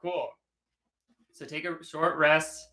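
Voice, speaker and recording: A man teaching an online hand drumming workshop, relaxed and encouraging, and chanting phrases in rhythm. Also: on the high side, slow, soft background music. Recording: echoey room with drumming.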